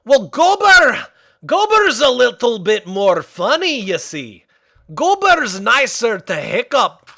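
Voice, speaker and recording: A burly, good-natured blacksmith calls out in a loud, high, rough voice, as a man puts him on for laughs. He sounds gruff but warm-hearted and full of cheer. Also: huge pitch swings, takes it slowly, exaggerated voice. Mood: jolly gruff.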